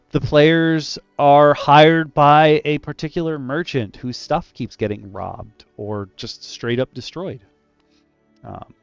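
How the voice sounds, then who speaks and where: A man chatting casually about running tabletop adventures, animated and loose, with lots of "like" in his talk. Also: medium pitch, clean tone, dry recording, highs cut off. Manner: animated and loose, heavy use of "like". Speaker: dungeon master discussing adventure design. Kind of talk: casual roundtable chat.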